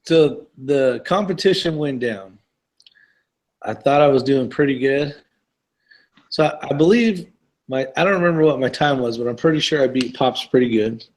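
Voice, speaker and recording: A man's voice: mid-range voice, moderate pace, poor audio. A man hosts a laid-back online group chat with an everyday mid-range voice. He rambles between thoughts and laughs easily, keeping things casual. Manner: relaxed, rambling, laughs often. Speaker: host of an online live chat show.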